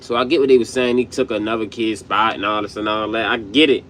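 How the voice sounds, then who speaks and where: A man's voice: on the low side, fairly even intonation, fast, fairly bright tone, slight background noise. A man hosting his own show, reacting to clips in loose slangy talk with many fillers. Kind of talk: casual commentary.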